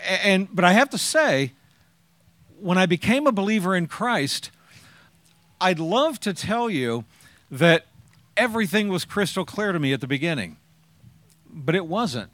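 A man's voice: high-pitched, fairly bright tone, no room sound. A man in his sixties sharing his personal testimony with an audience, as a chatty, joking storyteller who acts out the lines he quotes.

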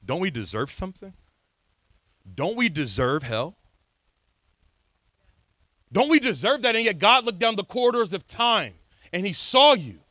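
A man preaching a sermon at an outdoor beach service, telling his own testimony with passion and big swings in loudness. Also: high voice, big pitch swings, unhurried, pauses often, no echo.

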